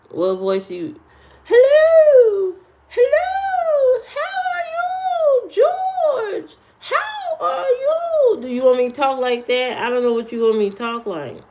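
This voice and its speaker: A woman's voice: mid-range voice, darkish tone, muffled recording. A woman live streamer chatting casually with her viewers, answering their comments with sass. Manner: sassy, talks back at trolls.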